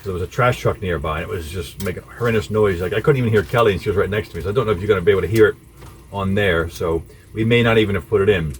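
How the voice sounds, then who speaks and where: A man vlogging in a relaxed, easygoing way, recording outdoors on a city street. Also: sits low, very fast. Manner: easygoing, laughs at himself. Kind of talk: casual vlog chat. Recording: loud street and traffic noise.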